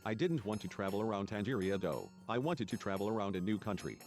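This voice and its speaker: Low-voiced man reading game text. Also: lively intonation, fast talker, soft background music. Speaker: let's play narrator reading game text. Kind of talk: reading game dialogue aloud.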